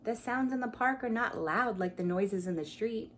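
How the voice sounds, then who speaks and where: This woman's voice is a little high and unhurried at a moderate pace, with slight background noise behind it. She teaches pre-K and is at home beside a coffee table, reading a picture book to small children, performing the animal noises and getting them to chime in. When the story turns quiet, her voice sinks to a whisper.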